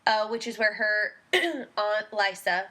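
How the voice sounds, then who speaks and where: A woman's voice: mid-range voice, takes it slowly, bright, forceful tone. A woman co-hosting a casual podcast, blunt and unfazed, swearing offhandedly. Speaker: podcast co-host. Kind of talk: casual TV recap chat.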